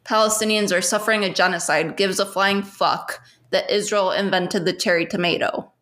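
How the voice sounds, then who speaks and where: A young woman co-hosts a podcast in casual conversation, rambling with constant "like" fillers, frequent swearing and laughter. Her voice sits on the low side, slightly bright, with fairly even intonation at normal speed.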